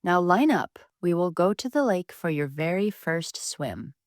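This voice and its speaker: A woman voicing a caring but firm mother duck who gives gentle orders. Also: fairly low pitch, big pitch swings, unhurried, dry recording, studio quality. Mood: motherly.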